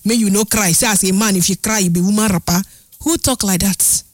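A woman radio host with a Nigerian Pidgin accent, chatting on air in a lively, sing-song way that stretches her words. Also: medium pitch, brisk, no room sound. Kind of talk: Pidgin radio show chat. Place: radio studio.

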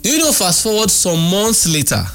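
A man with a Nigerian accent telling a story in a casual chat, animated and mocking. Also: high-pitched, brisk, faint music behind.

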